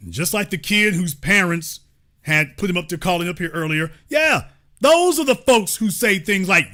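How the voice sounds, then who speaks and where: A man hosts a live call-in program, his voice sitting high and swinging widely as he drives each point home. He talks in an emphatic, mocking way, repeating phrases like a preacher building to a point, with a bright, sharp tone throughout. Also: animated, normal speed. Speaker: host. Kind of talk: live call-in show commentary.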